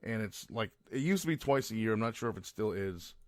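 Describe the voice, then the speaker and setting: Ranting, profane man with a low voice. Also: animated, a little fast, no echo, studio quality. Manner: ranting, profane, rambling with restarts. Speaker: podcast host. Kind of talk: casual monologue.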